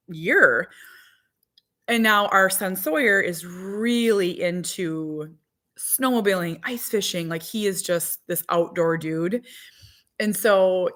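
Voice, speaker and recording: Casual mom vlogger, thirties, rambling and talkative into a phone at home. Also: female voice, mid-range voice, a bit bright. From Minnesota. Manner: chatty, rambling, talks to viewers and dog. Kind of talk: casual livestream chat. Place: home in winter.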